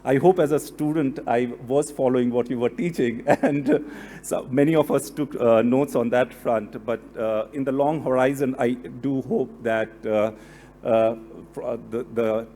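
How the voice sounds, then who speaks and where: A man's voice: medium pitch, fairly even intonation, normal speed, warm tone, slight background noise. A man, a deputy director, giving a formal thank-you speech after a lecture, hesitant with many fillers. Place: lecture hall.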